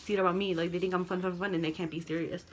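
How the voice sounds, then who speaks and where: A young woman telling a dramatic storytime vlog, animated and full of quoted voices. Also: on the low side, rapid-fire, a little hiss or hum. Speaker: vlogger.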